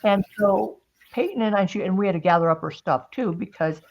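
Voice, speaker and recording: A woman's voice: mid-range voice, fairly quick, a little hiss or hum. A woman chats casually as host of a craft stream, telling a long personal story. She slips into quoting what others said and laughs often. The audio is a little dull and lo-fi. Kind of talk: casual chat.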